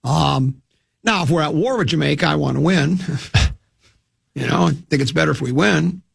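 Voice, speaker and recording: A man's voice: a little high, moderate pace, creaky, slightly rough. A man hosting a sports radio show, rambling and joking in casual studio chat, restarting his sentences often. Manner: rambling, jokey, full of restarts.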